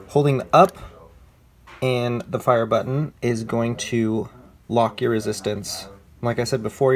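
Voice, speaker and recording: A man casually walking viewers through a device's menu settings in a relaxed, conversational way, correcting himself as he goes. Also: medium pitch. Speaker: product reviewer. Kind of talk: casual how-to demonstration.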